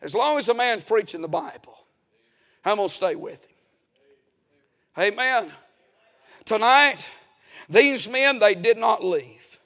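A man's voice: sits high, lively intonation, takes it slowly, long pauses, fairly bright tone. A man preaching a folksy, emphatic sermon as a pastor in a church.

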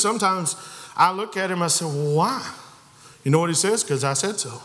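At a moderate pace and with a sharp tone, a man with a fairly high voice gives a sermon to his congregation. He presses his points with rising emphasis and voices the people in his story, all ringing with long reverb in the church.

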